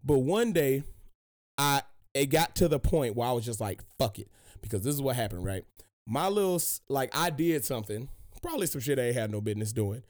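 A young man hosting a casual podcast discussion, telling profane stories in an animated way. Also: mid-range voice, fairly quick. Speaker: podcast host.

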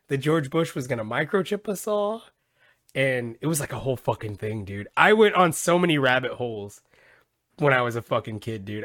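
A man's voice: medium pitch, fairly bright tone, dry recording. A young man hosts a loose, rambling podcast chat, full of swearing and "dude." His voice sits in a middle range. The recording is dry and close. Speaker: podcast host. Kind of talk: casual chat.

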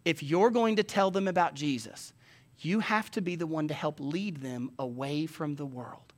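Male pastor, high voice, emphatic sermon delivery, goes quiet then booms. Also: normal speed. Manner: emphatic preaching, swings from hushed to loud.

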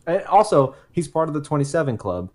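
A man's voice: fairly high pitch, sing-song, a little fast. A man co-hosting a casual podcast, telling a true case in a rambling way that stops to correct itself and throw in jokey asides.

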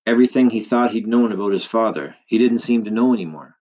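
Male audiobook narrator, low voice, steady vivid storytelling, dull lo-fi recording. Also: fast talker.

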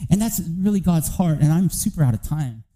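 Bright high-voiced man preaching. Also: a little fast, low-quality recording. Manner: storytelling, animated, rising to near-shouting. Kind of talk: sermon testimony.

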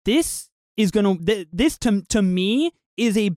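A man's voice: high-pitched, unhurried, no room sound, clean studio sound. A man co-hosting a casual podcast, talking animatedly about a film, swearing and acting out lines. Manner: animated, swearing, acts out quotes. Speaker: podcast co-host.

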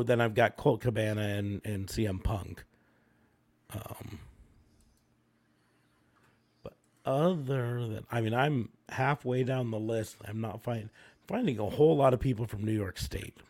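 Slow, rambling man chatting. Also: mid-range voice, lively intonation. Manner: slow, rambling, many pauses and fillers. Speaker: podcast co-host. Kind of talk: casual chat.

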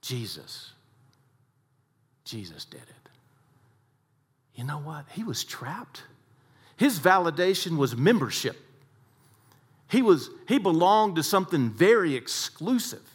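A man telling stories dramatically in a talk with a faith message, swinging between loud and hushed. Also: on the high side, sing-song, a little slow, slightly rough. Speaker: speaker, sports psychologist.

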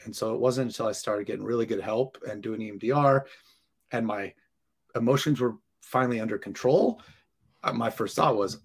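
A firefighter being interviewed, telling his story casually and acting out the dialogue of the people in it. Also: mid-range voice. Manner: animated, acts out dialogue and laughs while telling. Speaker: firefighter guest.

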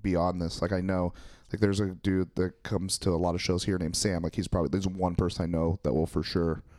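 A young man, a stand-up comic, talks loosely on a podcast. He rambles, swears freely, and laughs often. His voice sits low and is recorded dry and close. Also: flat delivery, fairly quick, dark tone, no echo. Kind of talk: casual chat.

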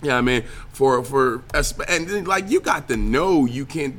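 Speaking a little slowly, with a mid-range voice and hardly any pauses, a young podcast host and streamer rants solo about video games and the news. He's profane and animated, and his sentences trail off into plenty of filler words.

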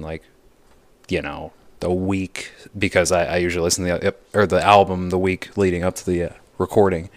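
A man's voice: sits low, no echo. A young man co-hosting a casual podcast, rambling onto tangents and interrupting himself. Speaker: podcast co-host.

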